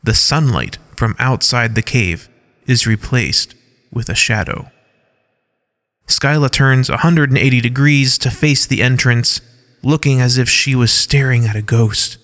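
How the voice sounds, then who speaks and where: Slow, measured male story narrator. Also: medium pitch, a bit bright, in a large hall. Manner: measured, reads stage directions aloud. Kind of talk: scripted story narration with scene headings.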